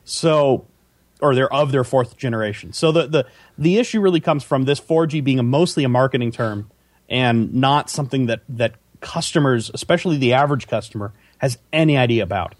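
A man co-hosting a casual tech podcast, explaining things in a measured way with many fillers. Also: medium pitch, no room sound. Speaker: podcast co-host.

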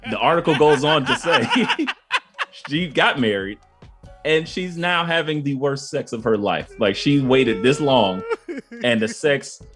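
A man co-hosting a casual chat, animated and swearing freely as he tells a story. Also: medium pitch, a little slow, husky, soft background music. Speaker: podcast co-host.

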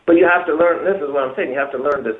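A man's voice: on the high side, rapid-fire. Guy giving dating advice, keeps repeating himself, sounds roomy and tinny like a phone. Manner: emphatic, repeats himself, acts out example phrases. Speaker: dating coach. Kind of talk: advice on a call-in talk show.

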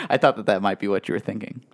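A man with a fairly low voice talks through a casual podcast conversation. He explains at length in a chatty, filler-heavy way. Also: huge pitch swings, fast talker. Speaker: podcast co-host. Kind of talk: casual wrestling chat.

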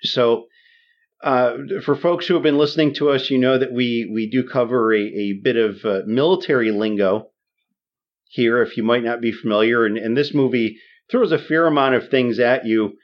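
Male podcast co-host, mid-pitch, casual and halting, livens up for the exciting parts; dull lo-fi sound. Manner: halting, many restarts and fillers, animated retelling. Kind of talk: casual movie discussion.

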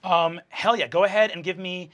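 Bright-voiced man as game master. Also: high voice, steady tone. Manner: quick, casual, with fillers. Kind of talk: narrating a tabletop game.

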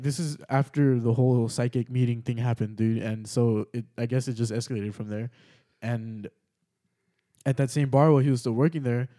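A man's voice: mid-range voice, dark tone. A young man hosting a podcast, casually telling a story with many fillers and frequent swearing. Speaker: podcast host.

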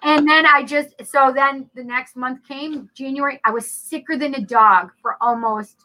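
A middle-aged woman with a high, bright voice tells a story in a casual chat. She is animated and acts out the dialogue as she goes. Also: normal speed, low-quality recording. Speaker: tarot reader and show co-host.

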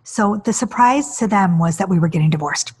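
A woman in her forties hosting a podcast, telling her own story in an animated, emotional way. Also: a little fast, breathy edge. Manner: animated, acts out quoted voices with big pitch jumps; emotional, near tears. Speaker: podcast host. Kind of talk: personal storytelling monologue.

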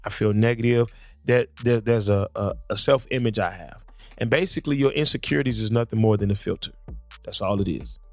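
This podcast host is a man with a lowish voice who talks fairly quickly, spinning lively stories into a studio microphone while facing his guest. It's a casual chat, and he often doubles up on words at the start of sentences. There's no audible room sound.

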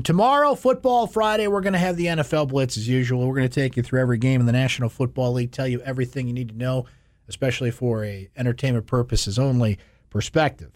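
A man hosting a sports talk radio show, animated, swinging between loud shouts and hushed asides. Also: mid-range voice, no room sound, studio quality. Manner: animated, bursts into loud shouts then drops to whispers.

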